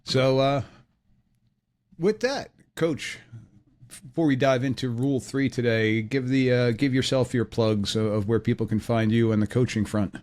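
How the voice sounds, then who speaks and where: A man's voice: mid-range voice, little pitch movement, normal speed, darkish tone. A man who referees, hosting a casual podcast in a loose, joking way with lots of fillers. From northern United States.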